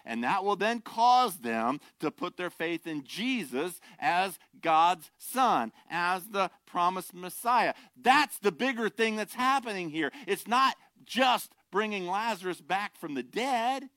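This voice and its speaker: An older male pastor preaching a sermon with a bright, forceful tone. His delivery swings from impassioned near-shouting to hushed, joking asides. The sound is close and dry. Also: high-pitched, animated, takes it slowly, hardly any pauses, no room sound.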